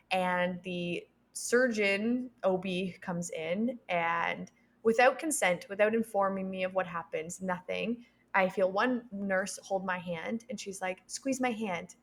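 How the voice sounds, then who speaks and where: A young adult woman, a podcast guest, telling a personal story with lively quoted voices and frequent laughs. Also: medium pitch. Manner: animated, acts out quoted voices; laughs between sentences.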